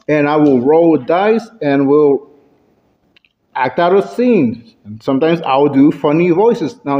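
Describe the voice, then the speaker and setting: A man delivers a prepared speech to a club in a meeting room, with a slightly raised voice. He talks slowly and varies his pitch and loudness for effect. The recording is dull and lo-fi. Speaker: club speaker.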